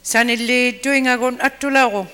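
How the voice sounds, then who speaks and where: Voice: medium pitch, steady tone, fairly quick, pushed and bright, clean tone. An interpreter rendering a sermon phrase by phrase into another language and echoing the preacher's acting. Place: church hall. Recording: echoey hall. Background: long hall reverb.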